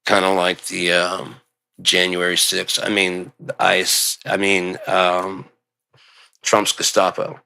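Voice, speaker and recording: A man delivering a rambling, profane monologue, swearing constantly and breaking into loud outbursts. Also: low-pitched, monotone, takes it slowly, gravelly, clean tone. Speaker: show host.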